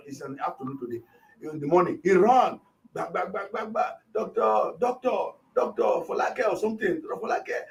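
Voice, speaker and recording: A man, a pastor, retelling a shooting and acting out the shouts of the people around him. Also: high-pitched, distant mic. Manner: animated, acts out shouts of others. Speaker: pastor, interview guest.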